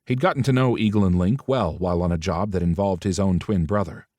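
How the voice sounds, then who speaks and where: A man's voice: deep voice, a little fast, darkish tone, no echo. A man narrating a romance audiobook, switching into different voices for the characters' dialogue.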